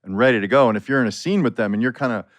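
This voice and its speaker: A middle-aged man, a comedic actor, talking relaxed and at length as a podcast guest. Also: medium pitch, rapid-fire, no room sound. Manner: relaxed, explains at length with many "like" fillers. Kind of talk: casual chat.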